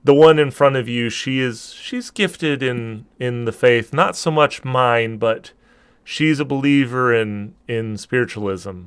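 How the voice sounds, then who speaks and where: A man voicing a motherly antlered nature goddess in a tabletop game. She speaks gently and quietly, a little lower and softer than plain talk. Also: gravelly, no room sound.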